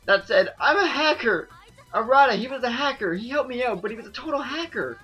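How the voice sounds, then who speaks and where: A bubbly teenage girl frets and chirps her way through her lines in a high, breathless voice, as a man puts her on while reading game dialogue. She sounds nervous, eager and a little scattered. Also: animated, a little fast, sharp tone, highs cut off, faint music behind, full character voice. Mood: chirpy.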